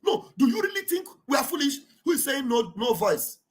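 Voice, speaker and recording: A woman hosting an online show, giving fervent, repetitive political commentary that often rises to shouting. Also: high voice, very animated, a little fast.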